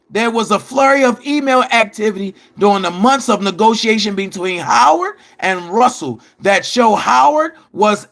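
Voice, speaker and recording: A man's voice: high voice, gravelly, a bit bright. A man delivering heated commentary, calling out his target directly and reading passages from an article aloud.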